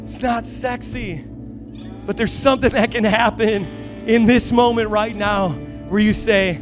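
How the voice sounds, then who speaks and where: A man preaching a sermon as pastor, building to shouted, rising emphasis. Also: high voice, steady tone, measured pace, over music.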